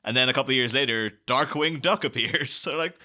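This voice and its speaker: Bright-voiced animated podcast man. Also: medium pitch. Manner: animated, jumps into quick silly impressions. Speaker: podcast co-host. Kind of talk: casual film-discussion chat.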